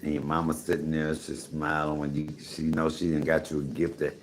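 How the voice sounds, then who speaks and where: A man in his fifties chatting casually to the camera from his home while cooking, animated and repeating catchphrases. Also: rumbling low, normal speed, slight background noise. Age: 50s. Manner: animated, repeats "come on, somebody". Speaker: vlogger. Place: home apartment, indoors, cooking. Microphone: camera mic.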